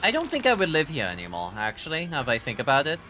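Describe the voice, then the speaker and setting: A man's voice: fairly high pitch, huge pitch swings, fast talker, noisy background. A man streaming a horror game live, joking with chat and reacting aloud as he plays. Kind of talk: live gameplay commentary.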